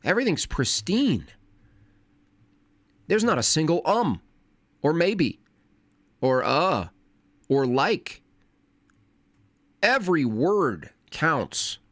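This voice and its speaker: A man on a casual livestream, talking fast and wordily with frequent restarts. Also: a little high, big pitch swings, a bit bright, dry recording. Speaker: streamer.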